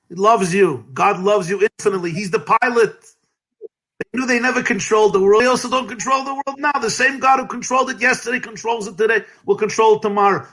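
Man, rabbi, high voice, animated storytelling, emphatic bursts, light laughs. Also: vocal fry. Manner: lively, emphatic, bursts into shouting and chanted cries; laughs between phrases.

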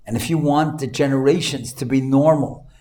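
Male storyteller, mid-range voice, lively voicing of characters, reverberant room. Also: normal speed. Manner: animated storytelling, voices the child in a high pitch. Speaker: speaker telling stories to an audience. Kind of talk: storytelling talk.

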